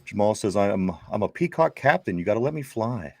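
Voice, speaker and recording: A man's voice: lowish voice, animated, fairly quick, no room sound. A man hosting a casual sports talk show, reading viewer comments aloud in a chatty way with frequent restarts. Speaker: podcast host.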